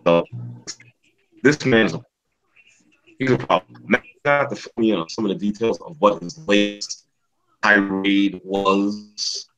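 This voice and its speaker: A man's voice: on the low side, takes it slowly, pauses often, a bit bright, faint music behind, low-quality recording. A man hosting a casual sports podcast, talking emotionally with lots of fillers and swearing. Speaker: podcast host.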